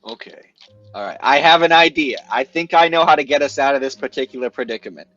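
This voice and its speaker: A man's voice: mid-range voice, lively intonation, fast, a bit bright, muffled recording, soft background music. A man playing a tabletop game in character, pushy and sleazy, stumbling over restarts. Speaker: player. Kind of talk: in-character tabletop role-play.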